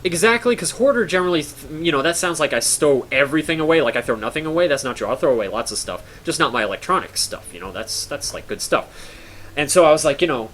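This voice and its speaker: A man's voice: a little high, animated, fast talker, fairly bright tone, a little hiss or hum. A young man telling a story casually to his stream chat, with rambling fillers and mock-horror drama.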